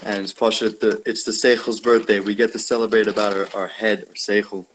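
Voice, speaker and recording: A man's voice: lowish voice, little pitch movement, fairly quick. A man talking casually on a group video call, rambling with lots of fillers and restarts. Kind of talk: casual off-the-cuff sharing. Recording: noisy video call audio.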